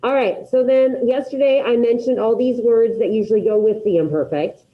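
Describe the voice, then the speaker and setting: A woman teaching a class, drilling her students through repetition and quizzing them with quick questions in an upbeat way. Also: fairly high pitch, lo-fi sound. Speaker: Spanish teacher. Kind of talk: classroom grammar lesson.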